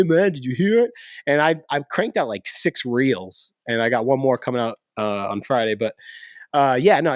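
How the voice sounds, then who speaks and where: An energetic man hosting a casual podcast, hyping things up and joking around with his co-host. His voice sits at a middling pitch. The sound is dry and close, with no room echo. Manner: energetic, hype, jokey.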